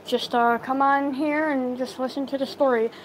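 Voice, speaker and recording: A woman telling a story casually to live viewers on her phone, halting, with many fillers and restarts. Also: high-pitched, steady tone, slight background noise, poor audio. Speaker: livestream storyteller.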